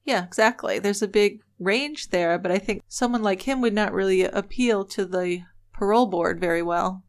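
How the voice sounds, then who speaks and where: Woman, true-crime podcast co-host, mid-pitched voice, earnest, opinionated. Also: moderate pace. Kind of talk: casual true-crime storytelling.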